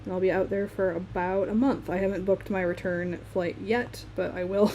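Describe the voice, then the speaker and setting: A woman's voice: mid-range voice, level tone, moderate pace, warm tone, a little hiss or hum. A young woman from Michigan with a Midwestern accent, chatting and laughing easily while she draws on a live stream. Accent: Midwestern American. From Michigan, USA. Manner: chatty, laughs often, talks while working. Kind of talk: casual chat while drawing on a live stream.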